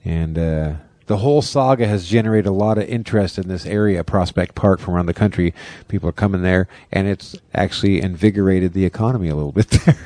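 Deadpan low-voiced man chatting. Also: fast talker, hardly any pauses, no echo. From US Northwest. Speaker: podcast co-host. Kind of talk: casual chat.

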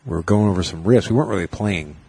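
A man's voice: lowish voice, dark tone, slightly rough. A man hosting a casual podcast chat, rambling through a story and swearing freely. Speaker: podcast host.

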